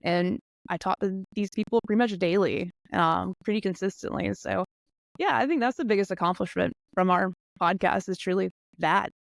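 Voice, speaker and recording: A woman's voice: medium pitch, moderate pace, vocal fry, no echo, clean studio sound. A woman guest on a podcast, chatting casually and laughing often. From eastern United States. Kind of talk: casual chat.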